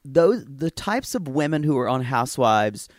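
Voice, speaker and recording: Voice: medium pitch, big pitch swings, normal speed, no room sound, studio quality. A co-host of a reality TV recap podcast, chatting casually with wry remarks. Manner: wry, chiming in, mimics shouting.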